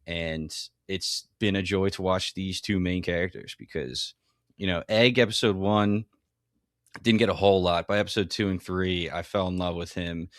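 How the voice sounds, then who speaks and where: A man's voice: fairly even intonation, normal speed, no echo, clean studio sound. A man co-hosting a podcast, chatting enthusiastically about a TV episode and acting out quotes. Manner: enthusiastic, acts out quotes with rising pitch. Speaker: podcast co-host. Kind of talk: casual TV recap chat.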